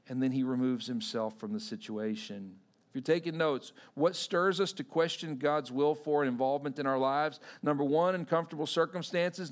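A middle-aged man preaching a sermon, telling stories and swinging from hushed, near-whispered passages to shouted ones. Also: fairly high pitch. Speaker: pastor.

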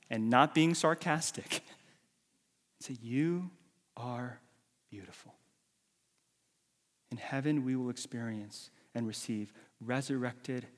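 Husky-voiced man preaching in a hall. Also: medium pitch. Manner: dramatic, swings from loud calls to hushed whispers. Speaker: pastor. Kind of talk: sermon. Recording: long reverb of a large hall.

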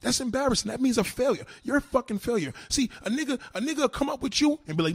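A man's voice: very high voice, lively intonation, fast, breathy edge, dry recording. A man doing a heated, mocking, heavily profane rant on his live stream. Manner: heated, mocking, swears constantly.

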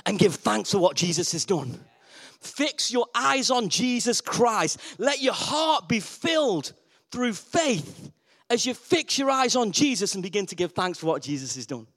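Man preaching, high voice, call-and-response, repetitive emphasis. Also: very animated, measured pace, fairly bright tone. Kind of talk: lively sermon.

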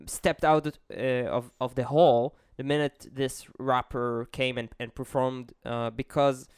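Halting Israeli man with a smooth voice. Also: mid-range voice, level tone, darkish tone, no echo, clean studio sound. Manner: hesitant, searches for English words with many fillers. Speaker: podcast co-host. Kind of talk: casual podcast chat.

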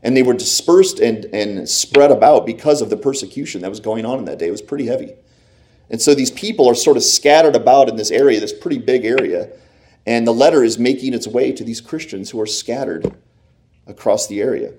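A man of middle pitch leads a relaxed Bible teaching. He retells scripture stories with an animated, storytelling manner and casual fillers. He speaks like a teacher talking with his group rather than preaching at them. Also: brisk, a little hiss or hum.

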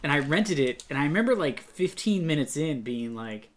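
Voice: mid-range voice, big pitch swings, normal speed. This podcast co-host rambles in casual chat, trailing off into tangents and breaking into laughter along the way. The voice sits in an ordinary middle register.

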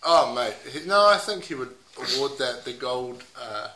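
A man's voice: medium pitch, expressive, normal speed, pushed and bright, reverberant. A man co-hosting a podcast, chatting in jokey, mock-confident banter and swearing freely. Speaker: podcast co-host. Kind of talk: casual banter.

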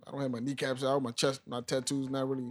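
A young man chatting casually on a podcast, telling a story in slang and dropping to a hushed voice when he quotes himself. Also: mid-range voice, flat delivery, quick pace. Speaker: podcast co-host, new teacher. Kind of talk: casual chat.

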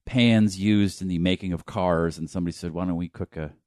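A man's voice: sits low, a little fast, a little mellow, no echo, clean studio sound. A man co-hosting a podcast, joking and swearing freely, rambling through casual explanations. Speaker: podcast co-host. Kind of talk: casual chat.

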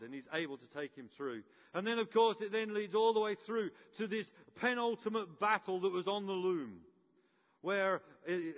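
High-voiced preacher in a reverberant hall. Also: male voice. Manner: storytelling, acts out characters with playful humour. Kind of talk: sermon. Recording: muffled with long hall reverb.

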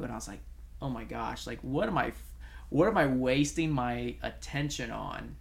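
A man with a gravelly, creaky edge to his voice and a middle-of-the-road pitch, chatting casually as a show co-host. He tells stories in an animated way, stumbling over restarts and fillers as he goes. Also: moderate pace. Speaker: podcast co-host, coach. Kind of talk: casual conversational chat.

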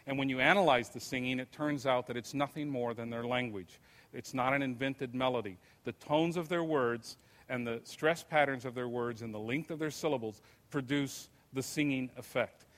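An older man lectures in an easy, conversational storytelling manner. His voice sits in a middle pitch, neither high nor low. Long reverb from a lecture hall trails behind his words. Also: fairly bright tone. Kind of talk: anecdotal lecture.

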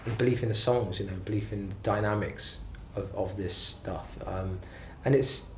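A man's voice: on the low side, steady tone, moderate pace, a little hiss or hum. A man who is a singer-songwriter, telling his story in a rambling, self-deprecating way during a casual interview. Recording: roomy echo, faint ambience.

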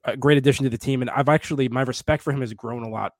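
A man's voice: mid-range voice, steady tone, very fast, no room sound, clean studio sound. A man co-hosting a football podcast, chatting casually with lots of fillers and restarts. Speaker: podcast co-host.

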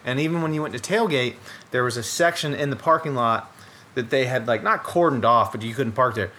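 A man co-hosting a casual podcast, an animated storyteller who acts out the quotes in his stories. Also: mid-range voice, a little fast. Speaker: podcast host.

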